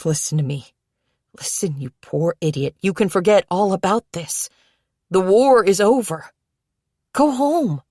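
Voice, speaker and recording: A woman's voice: on the low side, normal speed, warm tone, dry recording, studio quality, natural voice. Woman doing a weary, desperate ex-soldier man. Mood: exasperated. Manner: urgent, exasperated pleading.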